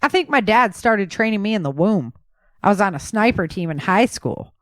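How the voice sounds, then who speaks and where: A woman voicing a smaller male soldier who trades jokes and quick comebacks. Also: medium pitch, lively intonation, dry recording, clean studio sound, close to an everyday voice. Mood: plain.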